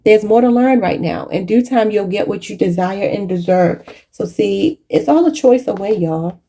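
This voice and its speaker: A woman's voice: mid-range voice, animated, moderate pace, mellow, a little hiss or hum. A woman giving a channeled tarot reading in a preachy, spiritual way, often calling her viewers "y'all". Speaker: tarot reader.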